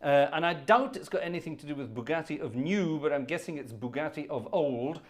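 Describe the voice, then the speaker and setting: Guy chatting away on his organ stream, slightly high voice, rambles and hums bits of tunes. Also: brisk. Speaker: organist hosting a live music stream. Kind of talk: casual live-stream chat between tunes.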